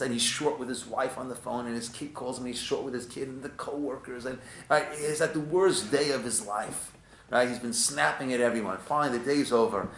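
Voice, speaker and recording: A rabbi leads a casual class in a reverberant synagogue room. He is a man with an everyday middle-pitched voice. He tells stories in a lively, conversational way and keeps checking in with his listeners. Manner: conversational, animated storytelling, frequent "right?". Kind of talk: casual Torah class with congregants. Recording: echoey room.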